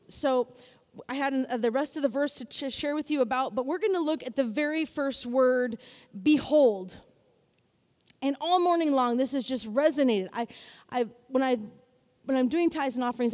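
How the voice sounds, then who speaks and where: High-pitched woman preacher, animated, builds to loud calls, long hall reverb. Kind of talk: sermon.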